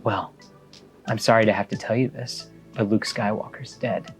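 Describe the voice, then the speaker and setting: A man's voice: on the low side, steady tone, normal speed, faint music behind, close to an everyday voice. A man reading an eerie ex-Jedi witch woman. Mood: taunting.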